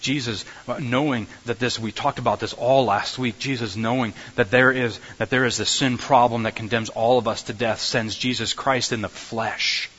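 A man preaching a sermon as a pastor, animated, repeating phrases and restarting sentences as he builds his points. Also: medium pitch, moderate pace, hardly any pauses, breathy edge. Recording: dull recording with faint hiss.

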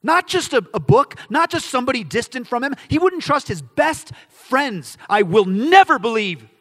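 Animated pastor preaching in a reverberant hall. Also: male voice, very high voice, moderate pace. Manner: animated, acts out quoted voices, emphatic questions and answers. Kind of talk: sermon.

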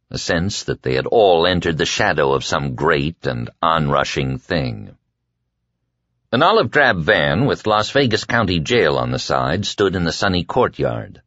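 Deep-voiced male audiobook narrator. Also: big pitch swings, no echo, dull audio. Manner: measured storytelling, quietly voicing dialogue. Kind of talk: scripted narration.

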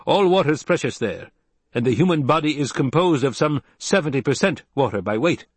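A man voicing a cold, scholarly male ecologist who speaks in a calm, lecturing way. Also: a little high, brisk, breathy edge, no echo, pitched above the performer's own voice.

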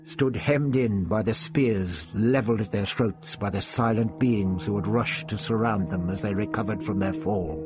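A man reading an adventure story aloud as narrator, steady and measured. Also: lowish voice, music in the background. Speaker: audiobook narrator. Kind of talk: scripted narration.

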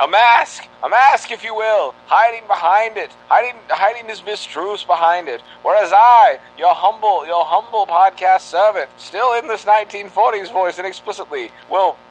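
A man putting on a self-righteous old-time radio announcer voice, giving grandiose, indignant speeches with frequent stammered restarts. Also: high-pitched. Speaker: podcast host. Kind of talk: 1940s radio announcer parody. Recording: dull lo-fi podcast audio.

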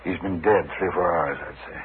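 An actor playing a calm, matter-of-fact older town doctor in an old radio drama, dry and measured. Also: male voice, low-pitched, lightly acted. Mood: grave. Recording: tinny old radio broadcast with faint hiss.

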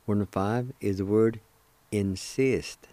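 A man teaching a language lesson on the radio, spelling out and pronouncing words syllable by syllable in a slow, deliberate way. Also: on the low side, steady tone, mellow, dry recording.

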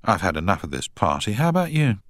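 A man's voice: low-pitched, very animated, quick pace, a bit bright, dry recording, clean studio sound, voice pushed up. A man voicing a bold, bored young woman who talks in a breezy, forward way.

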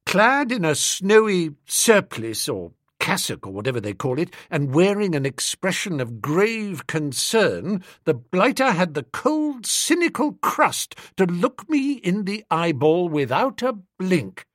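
A man narrating a comic story as an audiobook, in a brisk, animated storytelling manner. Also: sits high, dry recording, clean studio sound.

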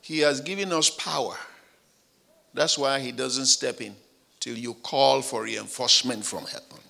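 A pastor preaching a sermon, telling stories with animated shifts of voice and acting out the people he quotes. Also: medium pitch, unhurried, vocal fry.

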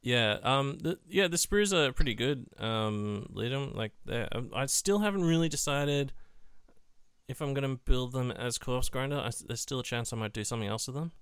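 A man's voice: medium pitch, animated, moderate pace, a bit bright, smooth, no echo, clean studio sound. A man co-hosting a casual hobby chat, rambling with many fillers and swearing. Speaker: podcast co-host.

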